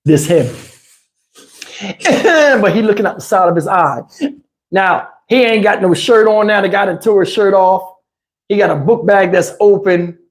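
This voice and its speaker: A man telling stories on his live stream, in a casual, animated way with crude slang and frequent laughter, through a lapel mic. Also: sits high, unhurried. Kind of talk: casual anecdotal storytelling. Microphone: wireless lapel mic.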